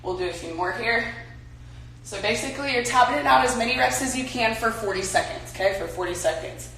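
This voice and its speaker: Young woman, chatty workout coach, bright tone, far from mic. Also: fairly high pitch, a little fast, a little hiss or hum. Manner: chatty, coaching, talks while exercising. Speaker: softball player leading a workout. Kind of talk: casual home workout demo. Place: home room. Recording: echoey room, mic from afar.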